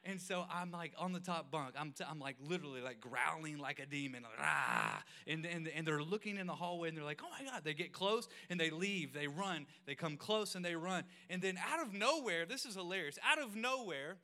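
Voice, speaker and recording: Bright, forceful preacher man. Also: a little high, fairly quick, few pauses. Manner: animated, self-mocking, bursts of loud exclamation. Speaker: pastor. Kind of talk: storytelling sermon.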